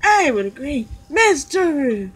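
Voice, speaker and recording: A woman's voice: high voice, very animated, unhurried, fairly bright tone, poor audio. A woman giving playful, jokey commentary while playing a cooking game. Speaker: gamer. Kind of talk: casual let's play commentary.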